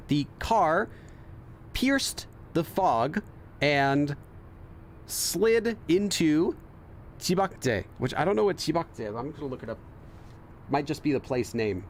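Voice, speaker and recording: A man's voice: mid-range voice, expressive, a little fast, slight background noise. A man hosting a game playthrough, reading the on-screen text aloud, translating it and thinking aloud with many fillers and restarts. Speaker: let's play host and Korean learner.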